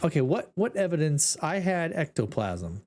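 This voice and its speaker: A man with a fairly high, slightly mellow voice streams a ghost-hunting game at a moderate pace, very animated. He chats casually with his viewers about the gameplay in an exasperated, joking tone.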